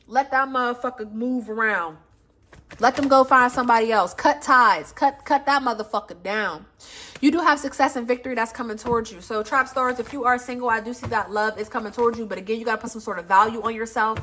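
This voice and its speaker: A woman's voice: a little high, steady tone, brisk, sharp tone, a little hiss or hum. A woman reading tarot cards for her viewers, blunt and emphatic, swearing freely and calling listeners baby and honey. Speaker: tarot reader. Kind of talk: casual tarot reading vlog.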